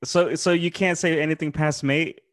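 A man's voice: a little high, fairly even intonation, moderate pace. Laid-back podcast co-host man. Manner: laid-back, laughing reactions. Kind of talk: casual chat.

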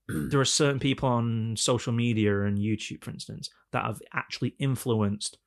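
A man with a Northern English accent in casual podcast chat, telling animated stories. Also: medium pitch, moderate pace, creaky. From Northern England. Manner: animated storyteller, slips into mock voices. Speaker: podcast co-host.

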